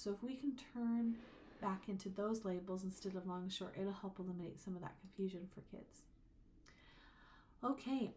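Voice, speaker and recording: A woman's voice: mid-range voice, slight background noise. A woman teaching a recorded phonics lesson, explaining vowel sounds and stretching out example words to demonstrate them.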